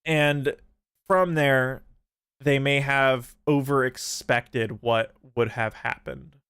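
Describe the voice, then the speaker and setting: A young man hosting a livestream, chatting casually and profanely, with many restarts and animated outbursts. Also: mid-range voice, takes it slowly, clean tone, no echo, clean studio sound. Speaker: streamer host.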